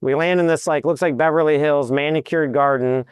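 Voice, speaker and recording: Male real estate broker as guest, smooth resonant voice, animated storyteller, dry sound. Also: fairly high pitch, a little fast, dry recording. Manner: lively anecdotes, acts out quotes.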